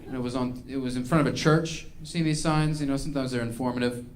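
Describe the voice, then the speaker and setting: A man's voice: medium pitch, fairly even intonation, quick pace. A man doing a stand-up comedy routine, ranting in an exasperated, self-mocking way.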